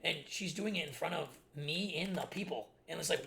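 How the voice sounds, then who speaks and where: Young man, gravelly, rambling, exasperated, stop-start storytelling, casual gaming stream. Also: fairly high pitch, moderate pace, fairly bright tone, a little hiss or hum. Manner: rambling and exasperated, many restarts.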